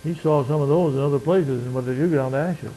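A man preaching a sermon, reading scripture slowly and swinging between loud emphatic passages and quiet murmured asides. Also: a little high, husky, poor audio. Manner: slows down to stress scripture quotes.

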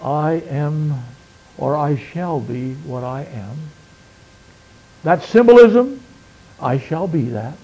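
A man preaching a sermon, reading scripture slowly and swinging between loud emphatic passages and quiet murmured asides. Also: medium pitch, slightly rough, poor audio. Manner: slows down to stress scripture quotes.

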